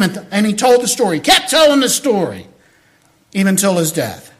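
An older man, preaching from the pulpit. His voice sits high for a man and rings bright. He swings from loud, shouted lines down to soft, hushed storytelling. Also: lively intonation, brisk. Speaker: pastor. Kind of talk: sermon.

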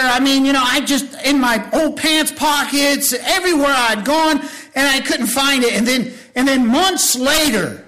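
A man preaching a sermon to his church, impassioned, rising to loud appeals and dropping to hushed storytelling, with folksy asides to the congregation. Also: extremely high pitch, a little slow, few pauses.

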